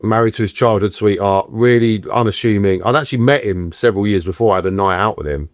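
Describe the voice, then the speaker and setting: Quick-paced and on the low side, this middle-aged actor is a guest in a casual interview, telling stories with animated energy and acting out quoted voices. The studio sound is clean with no echo.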